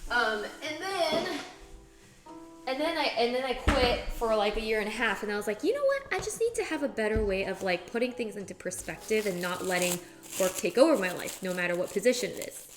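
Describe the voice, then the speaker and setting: Chatty young woman streamer, slightly high voice. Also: expressive, brisk, faint music behind. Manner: rambling and chatty, fills with "like". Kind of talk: casual chat while cooking.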